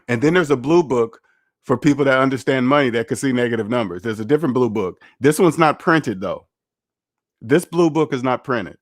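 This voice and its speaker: A man's voice: mid-range voice, no room sound, clean studio sound. A man hosting a finance livestream, rambling and candid as he reads the chat aloud and chats casually.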